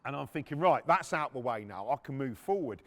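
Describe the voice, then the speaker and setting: A middle-aged man, hosting a podcast and telling a story in a casual, profane, animated way, acting out shouting people and machine noises. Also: mid-range voice, brisk. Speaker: podcast host.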